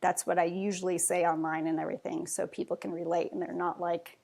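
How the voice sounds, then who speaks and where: A woman's voice: on the low side, flat delivery, a little fast, creaky, darkish tone. A woman talking as a podcast guest in a casual, chatty way, rambling with many fillers. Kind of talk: casual conversation.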